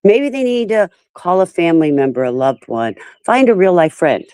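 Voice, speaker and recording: A woman's voice: on the low side, big pitch swings, normal speed, dark tone, clean tone, no room sound. A woman hosting a casual livestream, talking in an upset, rambling way and greeting her viewers by name. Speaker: livestream host. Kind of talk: casual live-stream talk to viewers.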